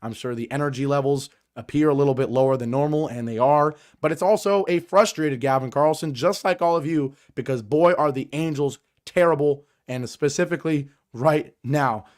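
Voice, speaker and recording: A man with a raspy voice, hoarse from a cold, hosts a sports podcast. His fairly high voice drives through emphatic, exasperated commentary. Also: normal speed, hardly any pauses. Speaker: podcast host.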